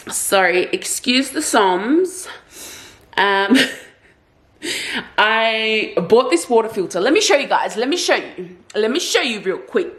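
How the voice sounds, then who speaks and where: A chatty young woman vlogging casually from her bedroom at home, rambling through her plans and purchases. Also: mid-range voice. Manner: chatty, rambling, self-aware. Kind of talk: casual vlog chat.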